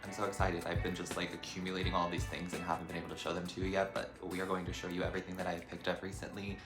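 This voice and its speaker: A man's voice: sits low, monotone, rapid-fire. A young man chatting casually to camera as a lifestyle vlogger, full of trendy slang and "like" fillers. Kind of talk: casual vlog chat. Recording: echoey room with faint background music.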